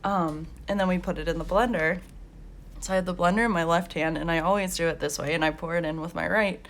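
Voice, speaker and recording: A woman's voice: lowish voice, fairly even intonation, fast, a bit bright. A young woman hosting a coloring channel, chatting casually and telling work stories with lots of laughs and fillers. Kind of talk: casual chat while coloring.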